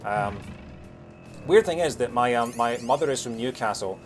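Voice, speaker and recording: Quick chatty man with a softened Scottish accent. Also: mid-range voice, animated, soft background music. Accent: Scottish, softened by years in England. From Scotland. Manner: chatty and quick, with many fillers and restarts. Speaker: game streamer. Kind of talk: casual chat while playing a game.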